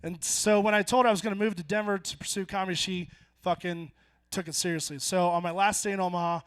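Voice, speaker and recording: A young man in his twenties performing a stand-up set on a bar stage, telling stories deadpan and then jumping into loud punchlines. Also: sits high, fast, clean tone. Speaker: stand-up comedian. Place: bar stage before a live audience.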